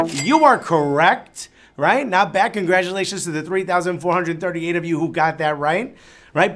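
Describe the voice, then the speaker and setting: A Cuban American man hosting a live trivia game show, reading questions and cracking chatty jokes between them. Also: a little high.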